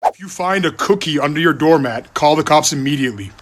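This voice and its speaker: A man's voice: on the high side, animated, fairly quick, a little hiss or hum. A man giving an earnest, urgent safety warning. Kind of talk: warning tip video.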